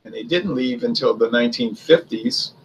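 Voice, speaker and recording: A man's voice: medium pitch, normal speed, a little hiss or hum, rough recording. A man giving a casual spoken history commentary, chatty and conversational, asking rhetorical questions and answering them himself. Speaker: history video host.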